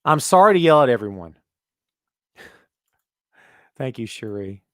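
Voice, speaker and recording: A man's voice: mid-range voice, big pitch swings, takes it slowly, a bit bright, no room sound, studio quality. A man hosting a wrestling podcast, ranting emphatically and repeating himself, then answering chat questions casually. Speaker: podcast host.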